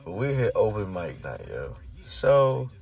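A man with a hoarse, groggy voice, hosting his own show and telling a story in casual chat, swinging between loud hype and murmurs. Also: on the low side, very animated, measured pace. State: hoarse, lost voice. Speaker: show host.

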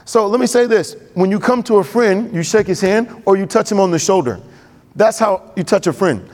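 High-voiced man preaching in a reverberant hall. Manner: conversational, quick and animated, asks the congregation questions. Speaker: pastor. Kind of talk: sermon. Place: church sanctuary. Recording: long reverb of a church hall.

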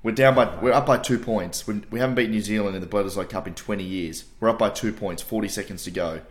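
An Australian man co-hosting a podcast, telling animated stories in casual chat, swearing and calling his co-host mate. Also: fairly low pitch, fast talker. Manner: animated storytelling, swears, says mate a lot.

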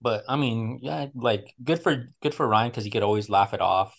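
A man's voice: mid-range voice, moderate pace, creaky. A man hosting a casual podcast chat, telling stories animatedly with a lot of swearing and acting out his friends' lines.

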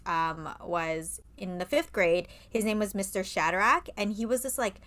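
A woman's voice: medium pitch, unhurried, fairly bright tone. Chatty woman podcast co-host, filler-heavy. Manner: chatty, swears, lots of "like" fillers. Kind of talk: casual chat.

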